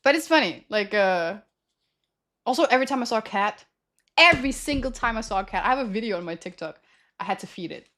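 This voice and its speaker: A woman's voice: medium pitch, lively intonation, quick pace, a bit bright. A young adult woman livestreamer telling stories to her chat in a rambling, slangy way, often correcting herself mid-sentence. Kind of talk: casual storytelling to stream chat.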